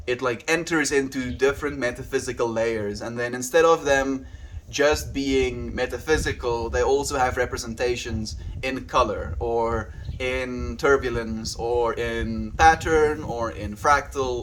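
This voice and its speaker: A laid-back man talks to his livestream viewers in a loose, rambling way and thanks them one by one. His voice sits at a middle pitch. A faint hiss runs under the recording. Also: measured pace, a bit bright. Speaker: daily livestreamer. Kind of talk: casual livestream chat with viewers.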